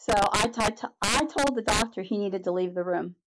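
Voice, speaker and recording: This is a middle-aged woman, a podcast guest, recounting her own story. Her voice sits at a medium pitch, and her telling is candid and earnest, with frequent small restarts. A faint background hiss runs under the recording. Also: normal speed. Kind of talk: personal storytelling in a podcast interview.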